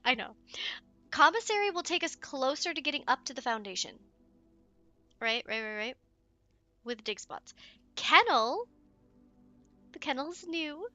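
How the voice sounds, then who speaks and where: A woman playing through a video game with excitable, giggly commentary. She sits high in her range with a bright, sharp tone. She gasps and coos at the in-game pets and chats freely to her viewers. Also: unhurried, long pauses, soft background music. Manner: excitable and giggly, gasping and cooing. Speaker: let's play streamer. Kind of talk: let's play commentary.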